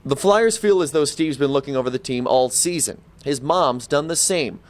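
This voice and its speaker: A man reporting sports news for television with an upbeat, crisp delivery. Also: on the high side, expressive, normal speed.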